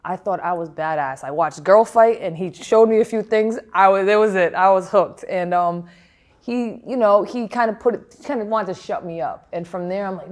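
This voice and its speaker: Low-voiced frank woman boxer. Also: moderate pace. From Providence, Rhode Island, USA. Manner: frank, reflective, with fillers and restarts. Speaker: professional boxer. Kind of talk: candid interview answers.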